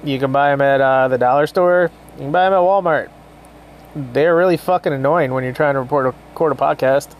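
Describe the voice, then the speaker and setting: A man in his thirties hosting a casual solo podcast at home, rambling and swearing through a deadpan mock ad with pets around him. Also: a little high, brisk, a little hiss or hum. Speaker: podcast host.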